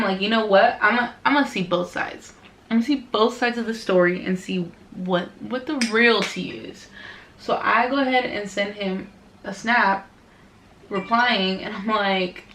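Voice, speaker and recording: A woman's voice: mid-range voice, pushed and bright, a little hiss or hum. A young woman in a casual storytime vlog, chatty and dramatic, acting out both sides of the conversations she retells. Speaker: beauty vlogger. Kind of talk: casual storytime while doing makeup. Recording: echoey room.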